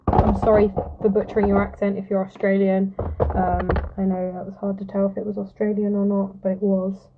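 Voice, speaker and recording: A woman's voice: medium pitch, flat delivery, fairly quick, a little hiss or hum. A young woman chatting casually with viewers on a live stream while doing her makeup, giggly and talkative, greeting people by name. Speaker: musical theatre performer hosting a live stream. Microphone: phone held close. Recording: lo-fi phone live-stream audio.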